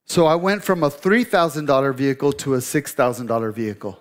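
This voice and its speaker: A man's voice: mid-range voice, fast talker, hardly any pauses. A middle-aged male pastor preaching a sermon, telling a story in a conversational, joking way with asides to the congregation.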